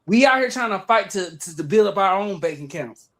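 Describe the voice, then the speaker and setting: Fired-up Atlanta man with a high voice. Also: animated, brisk, a bit bright. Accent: Atlanta Southern. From Atlanta, Georgia. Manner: emphatic, profane, repeats himself. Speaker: livestream guest. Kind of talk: heated livestream rant.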